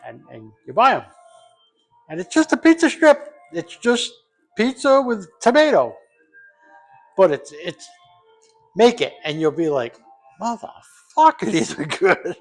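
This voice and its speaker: A middle-aged man from Rhode Island cooks in his home kitchen and talks as he goes, with a voice pitched a little high for a man. He rambles, jokes and swears freely, restarting his sentences as he works. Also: very animated, measured pace, long pauses, soft background music. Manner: rambling, profane, loose and jokey. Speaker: home cook vlogger. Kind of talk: casual cooking vlog.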